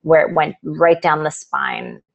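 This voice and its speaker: A woman's voice: low-pitched, measured pace, creaky, muffled recording. A middle-aged woman, an author guest in a live video interview, telling a personal story with lots of quoted dialogue.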